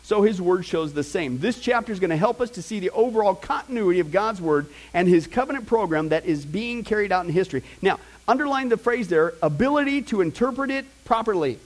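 High-voiced animated pastor. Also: male voice, fairly quick, few pauses. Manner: animated, conversational preaching with asides and mock voices. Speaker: pastor teaching a Bible class. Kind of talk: sermon.

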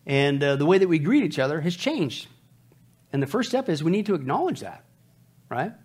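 A man's voice: fairly high pitch, very animated, normal speed, a little mellow, breathy edge. A man preaching a humorous sermon, joking with his audience and calling them folks.

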